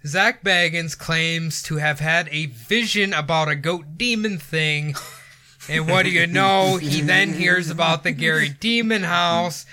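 A man's voice: on the high side, measured pace, sharp tone. A man hosting a podcast, telling a story casually in an irreverent way and laughing often. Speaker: podcast host.

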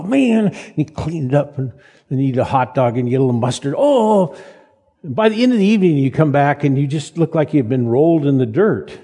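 Older male pastor, folksy and halting, warm mellow voice, a bit husky, long hall reverb. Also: mid-range voice. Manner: folksy, halting restarts, self-deprecating humor. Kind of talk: sermon.

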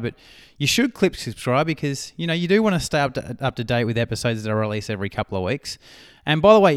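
A man's voice: medium pitch, smooth, no room sound, studio quality. Laid-back Australian man, chatty podcast host. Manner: chatty, loose, self-mocking, with fillers. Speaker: podcast host and business coach. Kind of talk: casual podcast chat.

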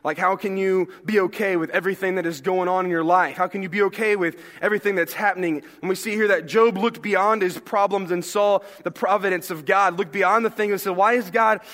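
A young male pastor preaching a sermon in a church, talking in a relaxed, joking way and asking the congregation questions. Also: high voice, a little fast, hardly any pauses. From American South. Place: church sanctuary. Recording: long hall reverb.

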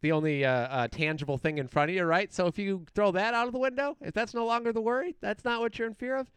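A man's voice: high voice, fast, smooth, no room sound. A man telling a story in a casual podcast chat, acting out the people in it. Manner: animated, acts out the people in his story. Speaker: podcast host.

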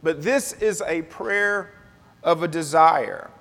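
A man preaching a sermon at an unhurried pace, his voice pitched fairly high for a man. He draws the congregation into call-and-response. The sound carries a long reverb of a large sanctuary. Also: gravelly, a bit bright. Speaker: pastor.

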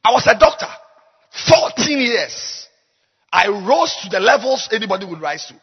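A man preaching a sermon as a pastor, dropping to low murmurs and rising to high shouts. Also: very animated, moderate pace, slightly rough, lo-fi sound. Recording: long hall reverb.

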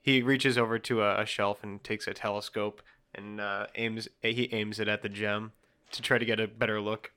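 A man's voice: lowish voice, level tone, moderate pace, pushed and bright, clear, resonant tone. A man playing a tabletop role-playing game, describing his character's actions in a playful way. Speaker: player.

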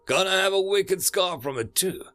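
A man's voice: high voice, expressive, moderate pace, a bit bright, no room sound, faint music behind, pitched above the performer's own voice. A man voicing a cheerful young male marine who talks in a breezy, jokey way, in an audiobook reading.

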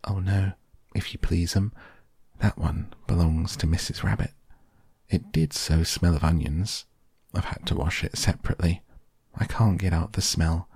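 A man's voice: sits low, steady tone, moderate pace, gravelly, darkish tone, slightly rough, no room sound, studio quality, full character voice. A man voicing a small, stout hedgehog washerwoman who answers with anxious, bobbing politeness. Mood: fussing politely. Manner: bobbing polite, "if you please, 'm".

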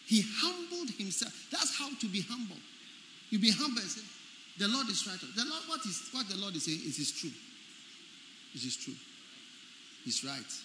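A man's voice: high voice, big pitch swings, normal speed, long pauses, pushed and bright, a little hiss or hum. A man preaching a sermon, emphatic, repeating key phrases and quizzing his listeners. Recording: echoey hall with faint ambience.

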